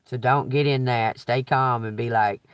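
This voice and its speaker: A man's voice: medium pitch, fairly even intonation, normal speed, smooth, no room sound. A man giving a tarot reading on a live stream, rambling and cursing freely, with frequent chuckles. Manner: rambling, profane, chuckles often. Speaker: tarot reader.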